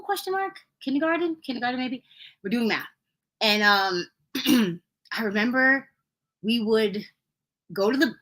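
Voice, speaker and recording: A young woman hosts her podcast in a relaxed storytelling mode. Her voice is bright and clear, sitting at a middle pitch. She laughs easily and jumps higher when she acts out what people said. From Brooklyn, New York. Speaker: podcast host. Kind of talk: casual storytelling.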